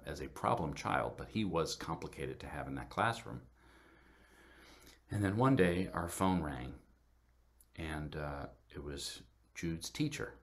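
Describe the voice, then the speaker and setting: A middle-aged man speaks to a church congregation in an extremely low, rumbling voice. He tells a family story in a halting way, full of fillers and restarts. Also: a bit bright. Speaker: guest speaker at church service. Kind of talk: personal storytelling talk.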